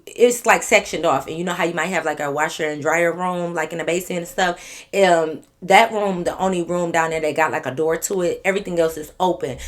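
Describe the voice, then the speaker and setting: A woman vlogger telling a casual story to her viewers, animated and profane, addressing them directly. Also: lowish voice.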